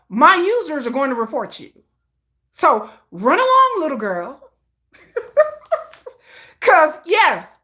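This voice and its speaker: A woman hosting a casual K-pop livestream, reading viewer comments in a sassy, slangy manner and laughing often. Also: very high voice. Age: adult, old enough to have a teenage child. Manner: sassy and animated, with slangy put-downs and frequent laughter.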